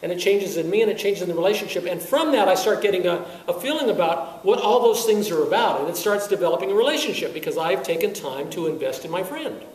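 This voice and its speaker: This wind band conductor talks fast with barely a pause, his voice high-pitched, as he lectures music teachers at a teaching workshop. Animated and quick to chuckle, he keeps throwing out rhetorical questions. The room echoes, the mic is distant, and a faint hiss lingers.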